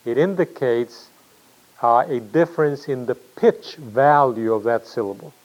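A man lecturing in a plain mid-range voice, pausing often and filling gaps with "um" and "uh". He poses questions to the class and then answers them himself. The recording sounds dull and lo-fi. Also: medium pitch, darkish tone. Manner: thinking aloud with many fillers and restarts; explanatory, asks himself questions.

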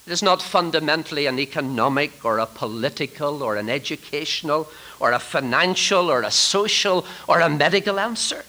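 A man preaching a sermon to trainee ministers, swinging from loud emphatic declarations to hushed, near-whispered lines. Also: a little high, expressive, a little fast, hardly any pauses, poor audio.

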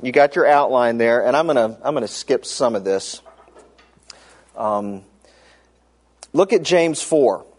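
A middle-aged man preaching in a relaxed, conversational way. He tells personal stories from the pulpit with frequent fillers and restarts, in a plain mid-pitched voice. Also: measured pace, pauses often. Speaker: pastor. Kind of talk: sermon.

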